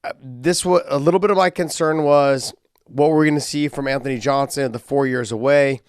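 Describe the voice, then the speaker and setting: A man's voice: medium pitch, fairly even intonation, normal speed, clean tone, no room sound, clean studio sound. A man co-hosting a podcast in loose, casual chat, with plenty of filler words. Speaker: podcast co-host.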